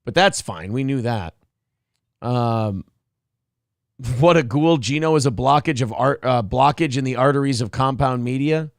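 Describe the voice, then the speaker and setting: A man hosting a casual livestream, reading super chats in a profane, rowdy way with sudden loud outbursts, a little drunk. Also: medium pitch, unhurried, dry recording, studio quality. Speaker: livestream host.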